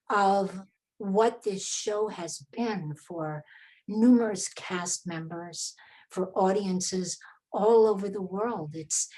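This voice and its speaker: A woman recalling an early performance in a slow, measured, reflective way. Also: mid-range voice, darkish tone, low-quality recording. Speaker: original cast member. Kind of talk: reflective storytelling.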